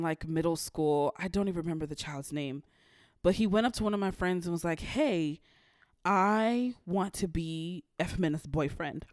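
A woman's voice: on the low side, a little mellow, no echo. Young woman podcast host, blunt and sweary, holding back tears, dry close sound. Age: young adult. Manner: emotional, fighting tears, blunt and profane. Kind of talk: candid personal monologue.

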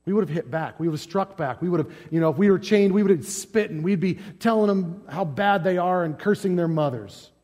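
Man, pastor, sermon, higher-pitched voice, emphatic rhetorical questions, long hall reverb. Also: a little fast, hardly any pauses, a little mellow.

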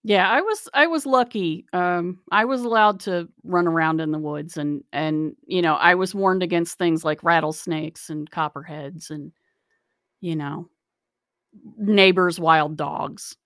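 A woman's voice: fairly low pitch, a little slow, fairly bright tone, no echo, studio quality. A woman chatting casually about her childhood, a little hesitant, with restarts. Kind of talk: casual chat.

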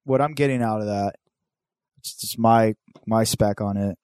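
A man co-hosting a casual chat, swearing often and teasing his friend in an excitable way. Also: lowish voice, normal speed, no echo, studio quality. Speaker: podcast co-host.

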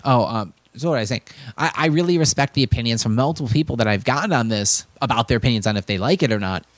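A young man chatting on a podcast with a middle-pitched voice, close and dry on the mic with no room sound. He tells stories animatedly, stumbles and restarts a lot, and leaps into high voices when he quotes people. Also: expressive, quick pace, no room sound. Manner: stammers and restarts often. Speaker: podcast co-host. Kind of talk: casual chat.

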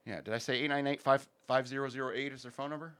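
A man's voice: medium pitch, steady tone, quick pace, a bit bright, clear, resonant tone. Rambling man hosting a podcast. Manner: rambling, jokey, many fillers. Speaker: podcast host. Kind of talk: casual podcast chat with sponsor reads.

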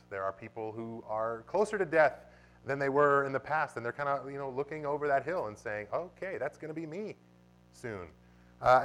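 A man preaching a sermon as pastor of his church, animated and sometimes bursting into loud exclamations. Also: medium pitch. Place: church sanctuary.

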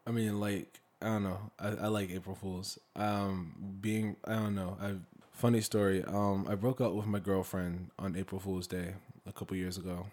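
A man's voice: low-pitched, level tone, moderate pace, few pauses, a little mellow. A young man co-hosting a podcast, talking in a laid-back, rambling way with lots of fillers and casual swearing. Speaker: podcast co-host. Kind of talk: casual chat.

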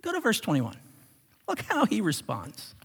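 A man preaching a sermon as pastor, animated, swinging from loud exclamations to hushed whispers. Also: high voice, normal speed, vocal fry, breathy edge. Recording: long reverb of a large hall.

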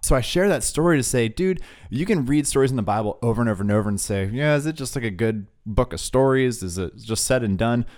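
A young man telling a faith story in a relaxed, casual way, with lots of "dude" and "like" as he talks. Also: mid-range voice, quick pace, hardly any pauses. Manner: laid-back, says "dude" and "like" a lot. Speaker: podcast co-host.

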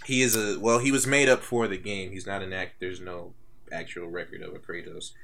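A man's voice: low voice, fairly even intonation, brisk, gravelly, a bit bright, slight background noise. A young man co-hosting a casual podcast, laid-back and swearing freely. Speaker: podcast co-host. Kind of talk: casual chat.

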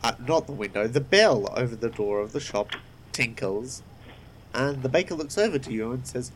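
A man narrating as game master of a tabletop game, halting, with many fillers. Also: medium pitch, animated, a little hiss or hum, low-quality recording.

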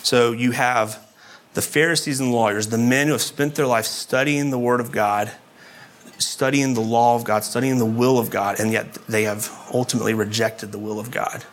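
Guy preaching a sermon, chatty and relaxed, medium voice, a little faint hiss behind. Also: mid-range voice, normal speed. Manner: conversational preaching with asides. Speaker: pastor.

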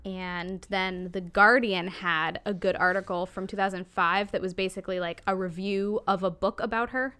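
A woman's voice: medium pitch, steady tone, normal speed, hardly any pauses, pushed and bright, clear, resonant tone. A woman co-hosting a podcast in casual chat, chatty with frequent ums and self-corrections. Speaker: podcast co-host.

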